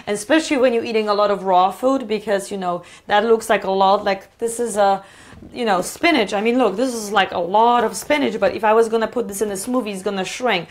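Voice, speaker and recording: A woman's voice: medium pitch, brisk. Woman, cooking show host, casual and enthusiastic, rambling delivery. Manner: chatty, enthusiastic, many fillers and restarts. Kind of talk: live-streamed cooking demo chat. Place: home kitchen.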